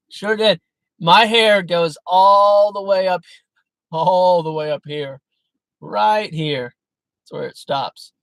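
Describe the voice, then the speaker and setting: Man, live streamer, earnest preaching chat, emphatic, somewhat high voice, dry recording. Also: fairly bright tone, no room sound, poor audio. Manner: emphatic, earnest, self-interrupting.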